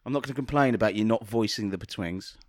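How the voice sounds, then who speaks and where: A man's voice: lowish voice, fast talker, dry recording, clean studio sound. A man from Britain co-hosting a comedy podcast, bantering with mock-pompous, playful asides. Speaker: podcast co-host.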